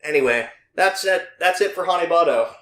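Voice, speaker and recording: A man's voice: fairly high pitch, animated, brisk, a bit bright. A man co-hosting a casual podcast, musing hesitantly with many fillers. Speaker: podcast co-host. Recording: roomy echo.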